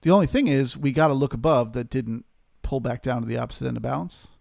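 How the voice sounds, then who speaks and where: A man's voice: medium pitch, fast talker, vocal fry, darkish tone, no room sound, studio quality. A man hosting a live trading stream, steadily talking through market levels and greeting viewers in chat.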